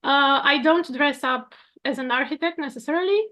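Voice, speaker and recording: With a high, sharp voice and a slightly fast pace, a thirty-something woman from Romania who works as an architect and coach talks earnestly in a relaxed chat about coaching, occasionally breaking into light laughter.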